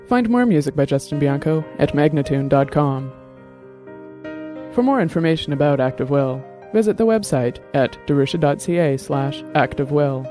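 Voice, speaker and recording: A man calmly reading the narration of an audio drama. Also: a little high.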